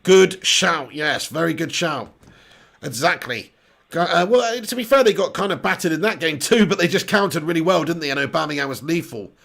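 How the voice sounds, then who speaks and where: During a live football match, a host talks his viewers through the action, picking up their comments and swearing freely. Each time a chance comes, his rough, fairly high male voice shifts into quick, excited play-by-play.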